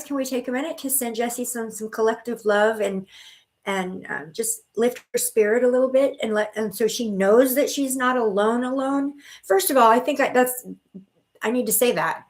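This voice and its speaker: A middle-aged woman hosting a live stream of spiritual readings, chatting casually and reassuring viewers with pet names like honey and sweetheart. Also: on the high side. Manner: chatty with frequent restarts and fillers.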